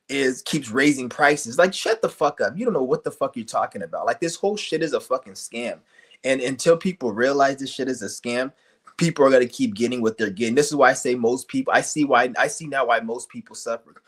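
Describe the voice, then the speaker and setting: A man's voice: mid-range voice, fairly bright tone. Profane ranting man on a stream. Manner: profane, heated, repetitive rhetorical questions; insulting, blunt. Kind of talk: angry vlog rant.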